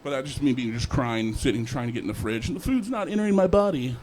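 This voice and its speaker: Young male stand-up comic, lively delivery, open mic set with jumpy character voices. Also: mid-range voice, quick pace, a little hiss or hum. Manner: animated, acts out characters with jumps in voice. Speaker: stand-up comedian.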